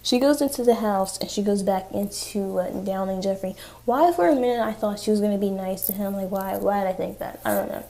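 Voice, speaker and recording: A woman's voice: medium pitch, fairly quick, creaky, few pauses, warm tone. A young adult woman casually recapping a TV episode, chatty and sarcastic with frequent swearing. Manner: chatty, profane, sarcastic asides. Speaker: TV recap vlogger.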